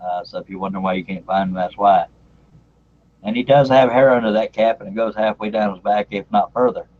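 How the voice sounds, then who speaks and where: A low-voiced man hosts a casual live stream over a video call, joking and chuckling between introductions. The audio is dull and lo-fi, like a compressed online call. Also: fairly even intonation, fairly quick, a little hiss or hum. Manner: joking, laughing, chatty, uses "y'all". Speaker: host.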